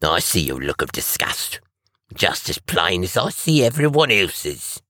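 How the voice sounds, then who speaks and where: A man voicing a wealthy bearded stranger, touchy and indignant, with a high, wounded delivery. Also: sing-song, unhurried, bright, forceful tone, no room sound, clean studio sound, exaggerated voice. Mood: scornful.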